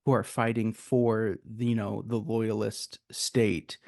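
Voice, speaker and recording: A man's voice: lowish voice, little pitch movement, slow, a little mellow, dry recording, clean studio sound. A man co-hosting a casual film review, making earnest points with rhetorical questions. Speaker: podcast co-host.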